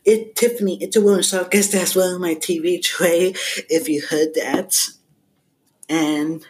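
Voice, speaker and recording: A man's voice: high voice, fairly even intonation, unhurried, darkish tone, a little hiss or hum. A man hosting a podcast, casually reading a text-message horror story aloud, naming each sender before the message and breaking off to chat with listeners, recorded at home on a headset mic. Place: at home with household noise around.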